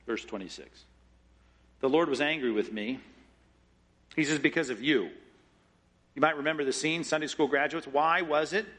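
Male pastor, sermon, bright tone, slightly high voice, dramatic quoted lines. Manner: expressive, acts out scripture quotes with shifting pitch and pace.

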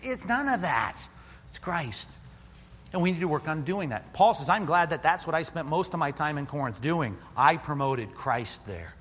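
A man's voice: fairly high pitch, very animated, normal speed, fairly bright tone, breathy edge, big-room sound. A man preaching a sermon as a pastor, conversational and joking, full of rhetorical questions. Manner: conversational, self-deprecating humor with rhetorical questions.

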